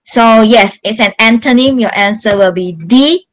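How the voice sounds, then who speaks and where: A woman's voice: on the high side, poor audio. A woman, a teacher going patiently through exam questions in an online class, stressing each instruction. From Malaysia. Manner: slow, patient, emphatic instructions to pupils. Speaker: primary school English teacher.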